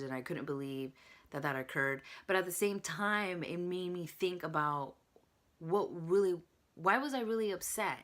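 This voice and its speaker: A woman's voice: on the low side, a bit bright. A woman vlogger talking casually to camera, candid and chatty, sharing advice and a personal story.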